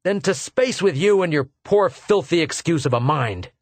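An indignant male doctor, as a male narrator puts him on, pushing his voice up high and loud. He sounds urgent and forceful. The read is close and dry. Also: expressive, measured pace, no room sound. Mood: furious. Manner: outraged, forceful.

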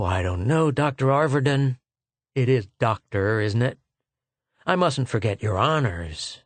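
A man's voice: medium pitch, dry recording, close to an everyday voice. A man voicing a sneering, bigoted male army lieutenant in an audiobook, speaking with contempt. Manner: contemptuous, taunting.

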